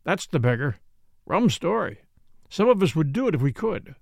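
A man's voice: fairly high pitch, big pitch swings, normal speed, vocal fry, no room sound, clean studio sound, heavily acted. A man playing a terse, plain-spoken middle-aged hunter who talks in clipped, curt phrases. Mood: gruff. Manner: clipped, curt, drops words.

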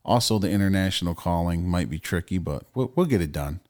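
A low-pitched man co-hosting a relaxed podcast. He talks loosely and bluntly, swearing as he reads out and riffs on news stories. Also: brisk. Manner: loose, profane, opinionated. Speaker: podcast co-host. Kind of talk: casual podcast chat.

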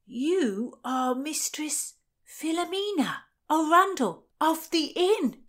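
A woman's voice: high-pitched, big pitch swings, a bit bright, voice pushed up, full character voice. A woman playing a dazed, lovestruck jailer. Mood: dreamy. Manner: slow, breathy and dreamy, drifting into whispers.

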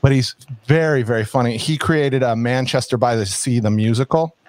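A man co-hosting a podcast in casual chat, chatty and halting, with many fillers and restarts. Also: medium pitch, a little mellow. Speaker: podcast co-host.

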